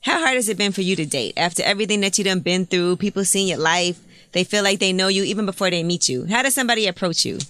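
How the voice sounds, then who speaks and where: A woman hosts a podcast and asks her guest questions in an easy, conversational way. She talks quickly and keeps the questions probing. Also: medium pitch, lively intonation, fairly bright tone, no room sound. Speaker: podcast host. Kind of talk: interviewing.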